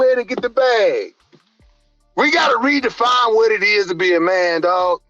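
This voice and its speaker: Male podcast guest, coach; high, ringing voice, preacher-like passion, dry and slightly muffled mic. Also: lively intonation, normal speed, no echo, soft background music. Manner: passionate and emphatic, often rising to near-shouting like a preacher. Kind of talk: candid podcast conversation.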